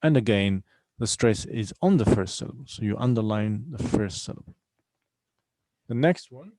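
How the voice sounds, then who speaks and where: An English teacher gives a recorded online vocabulary lesson, patiently repeating each word and breaking it into syllables to stress them clearly. His voice is lowish, animated and a little mellow at a moderate pace, with no room sound but low recording quality.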